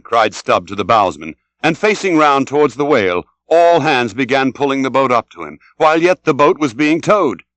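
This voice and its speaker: A man reading an audiobook as scripted narration, dramatic and expressive. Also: mid-range voice, dry recording. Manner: dramatic, shouts out the sailors' cries.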